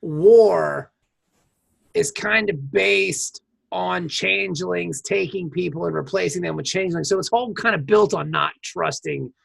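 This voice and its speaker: A woman's voice: fairly low pitch, measured pace, creaky, husky. A woman co-hosting a casual podcast, chatting loosely about a TV show and breaking into playful bits. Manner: playful, slips into silly put-on voices and laughs a lot. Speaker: podcast co-host. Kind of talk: casual chat.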